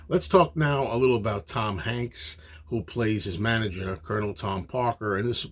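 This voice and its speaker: A man's voice: fairly low pitch, slightly rough. A man giving a casual, opinionated spoken movie review, rambling with frequent fillers.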